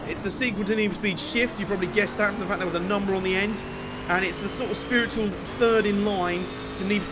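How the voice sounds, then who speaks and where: A man hosting a gaming channel, giving animated, jokey commentary over a racing game he is playing. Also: sits high. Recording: game car noise under voice. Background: racing game engine noise.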